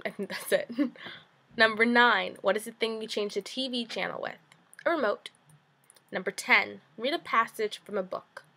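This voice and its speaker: A woman's voice: fairly high pitch, vocal fry, a bit bright. A young woman from New Jersey with a Jersey accent, chatting casually to camera in a rambling, giggly way with lots of fillers. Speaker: vlogger.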